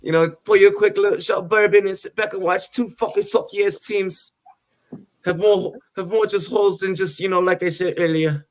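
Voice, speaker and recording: Man doing a high, brash fake British-Irish bloke, rowdy and profane. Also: steady tone, a little fast, close to an everyday voice. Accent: fake British drifting Irish. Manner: rowdy, cursing, exaggerated slang.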